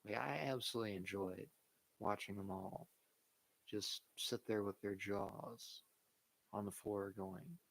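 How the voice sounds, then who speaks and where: A man's voice: fairly low pitch, expressive, measured pace, gravelly. A man hosting a livestream, giving blunt, opinionated casual chat about wrestling and sports and swearing freely. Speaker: livestream host.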